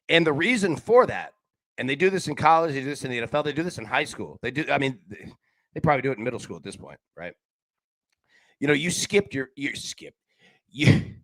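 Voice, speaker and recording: Host of a betting stream: man, mid-pitch, casual slangy delivery, dry close mic. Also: fairly bright tone, no room sound. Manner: casual, talks to chat viewers with slang like buddy and man; frequent fillers and restarts. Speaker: sports betting show host. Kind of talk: live-stream betting picks chat.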